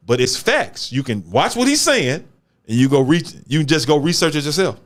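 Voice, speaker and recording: A man's voice: on the high side, sing-song, normal speed. A man hosting a casual talk show, speaking emphatically in street slang and repeating words for stress. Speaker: show host. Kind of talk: casual chat.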